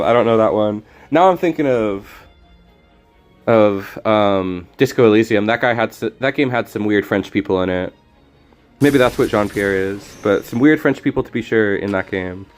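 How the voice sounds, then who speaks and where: A man streaming a card game, talking through his plays in a rambling, jokey, self-deprecating way. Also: medium pitch. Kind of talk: casual gameplay commentary.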